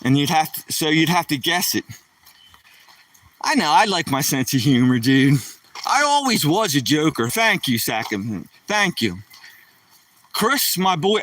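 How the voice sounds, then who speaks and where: A man's voice: on the high side, fairly bright tone, no room sound. A middle-aged man rambling and joking casually on a live stream, somewhat far from the mic.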